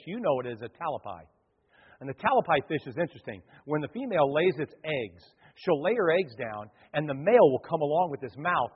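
A male pastor delivering an animated sermon, acting out the voices of the people in his stories. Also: fairly high pitch, slightly rough. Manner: animated preaching, acts out quoted voices. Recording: dull sound, long hall reverb.

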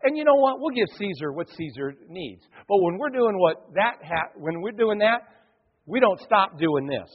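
A male pastor delivering an animated sermon, acting out the voices of the people in his stories. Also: sits high, normal speed, slightly rough. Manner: animated preaching, acts out quoted voices. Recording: dull sound, long hall reverb.

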